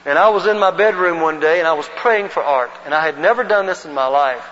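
High-voiced man teaching in a reverberant hall. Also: quick pace, a bit bright. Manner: earnest storytelling, leads group recitation. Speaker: evangelism teacher. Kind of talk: church teaching session with personal story. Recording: muffled recording in a long-reverb hall.

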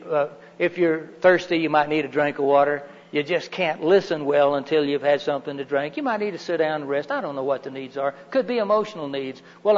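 A middle-aged lecturer with a fairly high, slightly bright voice gives a live workshop talk in a meeting room with windows and a heater. He's chatty and folksy, often putting questions to the audience, and the room recording sounds dull and reverberant.

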